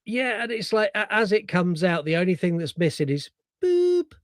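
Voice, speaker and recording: A man co-hosting a casual film review podcast, animated and sweary, acting out scenes with quick put-on voices. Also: high-pitched, no echo, clean studio sound. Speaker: podcast co-host.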